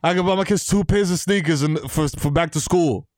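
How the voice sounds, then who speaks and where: A podcast co-host with a New York accent talks in slangy, profane banter and laughs often. His pitch runs a little high for a man. The recording is dry and close-miked. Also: a little fast, darkish tone, no echo. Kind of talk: casual chat.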